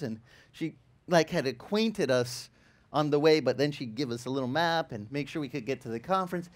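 A male pastor telling a lively story in a sermon, acting out the people in it and laughing as he goes. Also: medium pitch, moderate pace. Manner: animated, acts out quoted voices, laughs while telling. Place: church in Hawaii.

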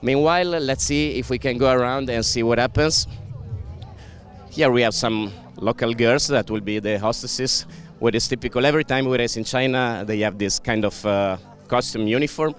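A man's voice: mid-range voice, normal speed. A man reporting live from a powerboat race paddock, chatting with many fillers as he interviews racers. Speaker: pit-lane reporter.

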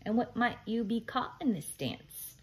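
A woman's voice: on the high side, expressive, measured pace, pitched above the performer's own voice. Lady doing a tricky little leprechaun guy, irish brogue, lilting and folksy. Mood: sly, cheery. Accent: put-on Irish brogue. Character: mischievous male leprechaun gym teacher.

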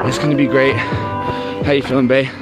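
A woman's voice: very deep voice, flat delivery, moderate pace, over loud music. A young woman, out of breath on an outdoor hike, joking about it with dramatic exaggeration. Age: young adult. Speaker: vlogger. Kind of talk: casual vlog chat. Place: outdoors on a hiking trail.

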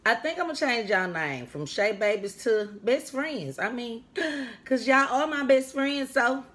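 This chatty woman eats on mic for a casual mukbang vlog, talking to her viewers as friends in a loud, playful manner, with mouth sounds between comments. Her voice is on the high side and animated, at a measured pace.

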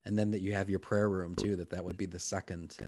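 Deep-voiced gentle priest. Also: male voice, level tone, dry recording. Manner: gentle, affirming, slow and reflective. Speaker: priest hosting a live prayer program. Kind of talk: pastoral conversation.

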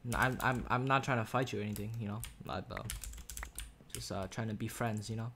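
This man talks a little fast in a fairly low, bright, forceful voice with fairly even intonation, rambling through jokes and trash talk about the other players as he plays. He's a gaming YouTuber using a USB desk microphone, and faint keyboard and mouse clicks mix with a slight hiss or hum.

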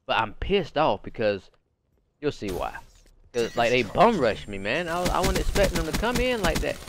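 Lively young man commenting on his game. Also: fairly high pitch, normal speed, noisy background. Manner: animated, slangy, repeats phrases, sudden excited yelps. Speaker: gaming channel host. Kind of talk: casual gameplay commentary.

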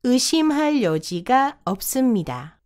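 Female prompt reader for a lesson: very quick, lively pitch, slightly high voice. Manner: reads each short prompt once, crisply. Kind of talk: brisk reading of Korean prompts.

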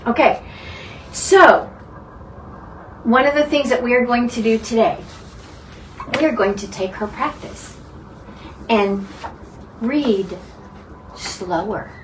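Bible study teacher, distant mic. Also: female voice, on the high side, takes it slowly, long pauses. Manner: earnest, dwells on single words. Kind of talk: conversational group teaching. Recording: distant mic, faint background noise.

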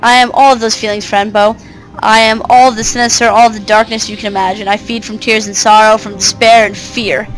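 A woman reading out an ancient, scornful mother of darkness in a game, haughty and mocking. The voice is fairly high. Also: little pitch movement, brisk, soft background music, natural voice, poor audio. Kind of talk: reading game dialogue aloud.

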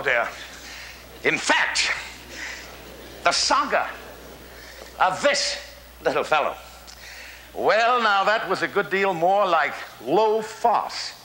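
A man's voice: high-pitched, pushed and bright, roomy sound, full character voice, rough recording. An actor playing a hearty, exuberant older statesman who tells hunting stories in a theatrical monologue, chuckling and relishing every word. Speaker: actor in a one-man stage show.

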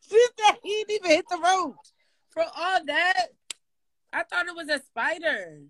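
A woman's voice: extremely high pitch, unhurried, fairly bright tone. A woman chatting casually on a livestream, teasing and reacting as she listens to a story. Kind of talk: casual chat.

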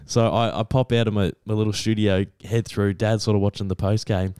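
A young Australian man co-hosts a casual podcast, his fairly low, smooth voice moving a little fast in a dry studio-quality recording. He tells stories excitedly, packing in fillers and restarting himself often.

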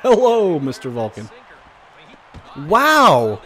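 A man commentating his own baseball video game play casually, joking and swinging from low muttering to sudden loud outbursts. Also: huge pitch swings, slow pace, husky. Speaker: gaming commentator.

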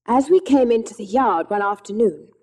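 Mellow, gentle woman reading aloud. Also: on the high side, animated, normal speed. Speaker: audiobook narrator. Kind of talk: scripted storybook narration.

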